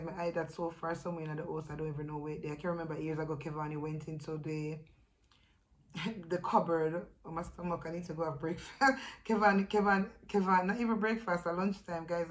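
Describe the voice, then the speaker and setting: Jamaican woman vlogging about her family, kinda low voice, stops and restarts a lot, emotional. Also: a little mellow, low-quality recording. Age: adult with a young son. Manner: halting, emotional, with many restarts. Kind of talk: personal storytelling vlog.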